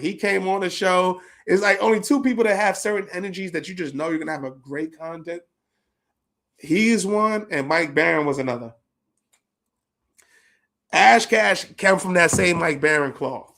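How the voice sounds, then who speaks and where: A man hosting a podcast, telling stories in an animated, slangy, profane way. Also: sits high, moderate pace, vocal fry. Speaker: podcast host. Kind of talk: casual reminiscing monologue.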